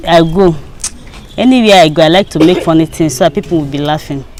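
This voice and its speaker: A woman's voice: low voice, normal speed, pauses often, music in the background. A young woman from Imo State with a Nigerian accent, answering interview questions shyly and hesitantly, often restarting her sentences.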